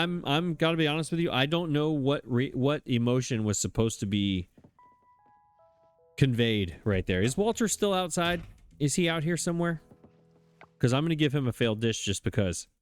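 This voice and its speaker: Over soft background music, a man hosts a let's play of a cozy farming game, his medium-pitched voice animated, clear, and resonant at a normal speed. His casual gameplay commentary is jokey and self-deprecating, joking about the story and laughing often.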